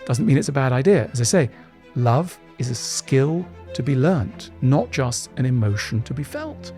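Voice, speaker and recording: A middle-aged man answering interview questions in an animated way, acting out little voices as he explains. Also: mid-range voice, moderate pace, faint music behind. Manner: animated, acts out voices in quotes. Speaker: guest author.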